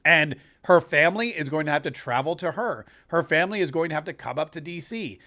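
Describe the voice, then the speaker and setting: Man, political commentary host, high voice, sarcastic, ranting. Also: brisk, pushed and bright.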